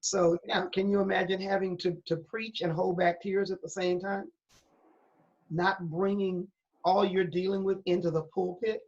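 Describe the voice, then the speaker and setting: Her voice lowish, level, and a little mellow at normal speed, a middle-aged pastor shares her testimony in an interview. She is candid and earnest, stressing points like a preacher, and the recording sounds dull and lo-fi.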